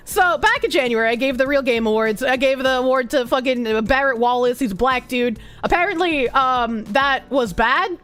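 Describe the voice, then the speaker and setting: A woman's voice: sits high, lively intonation, a little slow, fairly bright tone, faint music behind. A woman streamer chatting casually with her viewers, swearing often and rambling off on tangents. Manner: swears a lot, rambling and self-interrupting. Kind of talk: casual live-stream chat.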